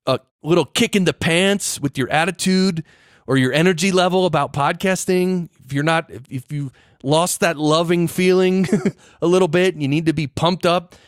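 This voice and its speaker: A man's voice: on the high side, normal speed, no room sound, clean studio sound. A man hosting a podcast, explaining things in a casual, chatty way with lots of fillers and restarts. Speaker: podcast host. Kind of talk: casual solo podcast talk.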